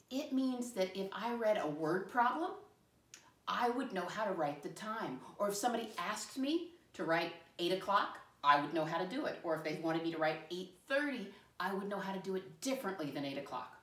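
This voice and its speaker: A woman teaching a first grade class, speaking slowly and clearly to young children and spelling words out letter by letter. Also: medium pitch, animated, a bit bright. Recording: roomy sound from a distant mic.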